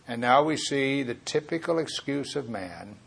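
A man's voice: mid-range voice, expressive, moderate pace, creaky, husky. A man preaching a Bible teaching sermon, earnest and rambling, often correcting himself mid-thought.

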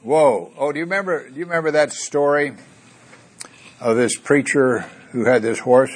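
Husky-voiced folksy male preacher. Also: medium pitch. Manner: folksy, conversational, with asides and jokes; reads scripture slowly and emphatically. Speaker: Bible teacher. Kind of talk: expository sermon.

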